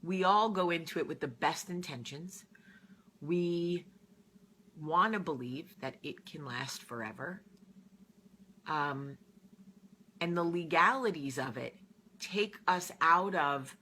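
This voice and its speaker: A woman's voice: sits low, takes it slowly, long pauses, bright, forceful tone, slight background noise. A woman from New Jersey hosting her own show, talking to camera in an earnest, heartfelt, conversational way as she gives advice. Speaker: host. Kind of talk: casual chat to camera.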